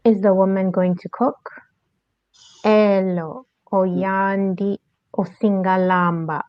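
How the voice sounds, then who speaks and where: Slow-reading woman on a lo-fi call. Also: medium pitch, fairly even intonation, no room sound. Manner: reads slowly, adds translations. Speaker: student. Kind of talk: reading sentences in a class. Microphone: online call microphone. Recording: dull, dry lo-fi call audio.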